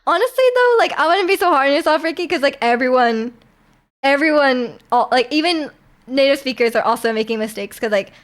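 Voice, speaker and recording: A woman's voice: high voice, fairly quick. A young woman from Canada chatting casually with viewers on a live stream, rambling with lots of fillers and laughs.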